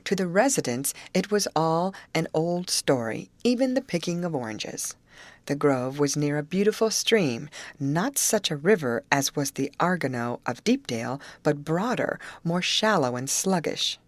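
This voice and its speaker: A woman with a low voice reads an audiobook in measured, expressive narration. Her pitch moves in lively swings, and the read is dry and close to the mic. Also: dry recording. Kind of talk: scripted narration.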